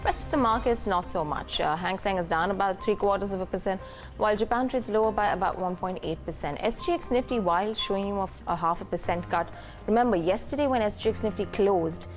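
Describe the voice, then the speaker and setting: A woman with an Indian English accent anchoring a live business news show, talking briskly and conversationally with light fillers. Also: on the low side. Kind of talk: live market news presenting.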